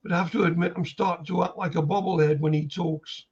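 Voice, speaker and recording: A man's voice: on the high side, steady tone, fast talker, a little mellow, breathy edge. A man co-hosting a casual live-stream chat over a video call, tossing in wry, joking asides. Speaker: co-host on a panel. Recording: dull lo-fi remote audio.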